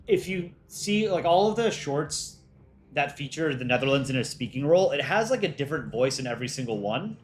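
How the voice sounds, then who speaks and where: With faint music behind him, a man casually hosts a livestream, chatting loosely with viewers, restarting sentences and laughing often. He's an animator, and his slightly high voice swings widely in pitch at a brisk pace.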